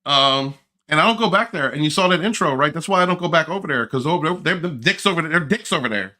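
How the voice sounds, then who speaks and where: A man's voice: a little high, expressive, fast talker, pushed and bright. A middle-aged man hosting a casual livestream, joking, laughing and greeting viewers in the chat. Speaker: livestream host.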